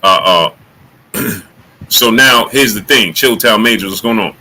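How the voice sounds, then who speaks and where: A bright, forceful man's voice, chatting loosely about boxing on a livestream. He calls out viewers by name and often leaps up high in excitement. A faint hiss sits under the recording. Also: measured pace, rough recording. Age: adult. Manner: animated, rising to high excited exclamations when joking. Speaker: livestream host. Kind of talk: casual boxing talk livestream, greeting chat.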